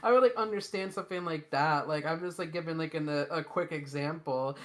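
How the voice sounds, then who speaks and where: A woman's voice: low voice, fairly quick, fairly bright tone. A young woman as a podcast guest in casual chat, rambling and saying "like" constantly. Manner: rambling, heavy use of "like".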